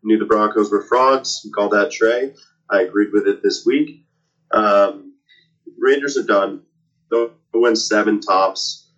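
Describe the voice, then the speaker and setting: A man's voice: fairly low pitch, a little slow, fairly bright tone. A man giving plainspoken takes as a panelist in casual sports talk. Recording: dull lo-fi call audio.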